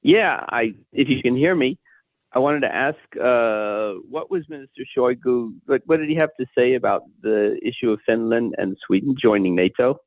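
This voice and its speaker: A male reporter dials into a briefing from afar, his voice coming through a thin, phone-like line with no room around it. He asks his question plainly at a mid pitch. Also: moderate pace, no echo. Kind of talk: question over a call line. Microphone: remote call line.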